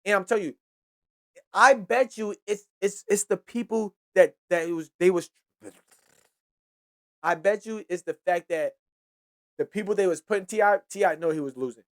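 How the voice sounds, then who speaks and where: A man's voice: sits high, normal speed, pauses often. A man hosting a hip-hop podcast who talks casually and profanely, gives heated opinions and often trails off and restarts his sentences. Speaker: podcast host.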